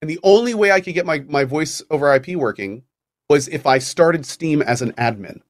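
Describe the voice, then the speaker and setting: A man's voice: on the high side, lively intonation, brisk, no room sound. A man co-hosting a gaming podcast, explaining a game at length in casual chat, with fillers and restarts. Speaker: podcast co-host.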